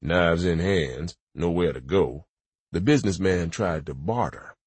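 Male audiobook narrator, husky breathy voice, dramatic, vivid storytelling. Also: low voice, lively intonation, unhurried, darkish tone, no room sound.

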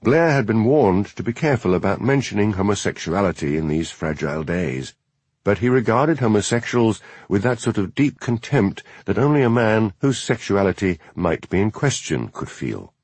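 A man reading a novel aloud as narrator, in measured storytelling. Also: lowish voice, sing-song, darkish tone, breathy edge, no room sound. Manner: measured storytelling, voices each character. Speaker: audiobook narrator. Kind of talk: scripted narration.

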